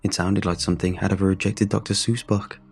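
A man narrating a scripted horror story in a measured, brooding way, with drawn-out pauses. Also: sits low, flat delivery, gravelly, husky. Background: faint music.

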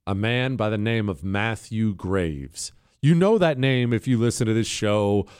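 A man's voice: lowish voice, a little slow, darkish tone, clean tone, dry recording, studio quality. A man hosting his own talk show, talking in a sarcastic, combative, mocking way. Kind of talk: opinionated radio talk.

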